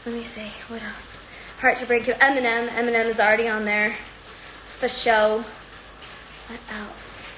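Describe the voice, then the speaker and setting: A woman's voice: on the high side, flat delivery, moderate pace, pushed and bright, a little hiss or hum, poor audio. A woman chatting casually on a livestream from home, rambling and upbeat while slightly out of breath from exercising. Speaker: livestream host.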